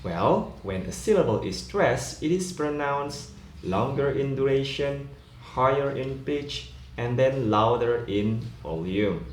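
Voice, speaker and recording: A man teaching English word stress in a slow, explanatory lecture, often adding "yeah". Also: mid-range voice, lively intonation. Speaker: pronunciation teacher. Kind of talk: recorded lecture. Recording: echoey room, faint ambient noise.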